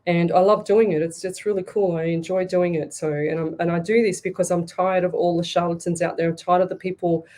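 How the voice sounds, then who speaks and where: An Australian woman hosts a live online psychic show and reads viewers' comments aloud. Her voice is fairly low and mellow. She speaks bluntly and with passion, stumbling and restarting mid-sentence. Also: little pitch movement, brisk, few pauses. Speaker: psychic medium radio host. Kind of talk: live-streamed call-in reading show.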